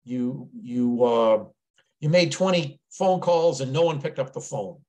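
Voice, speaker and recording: A man's voice: medium pitch, a little slow, a little mellow. A man who is a business mentor, presenting a sales webinar in an earnest, conversational way and often repeating words as he thinks aloud.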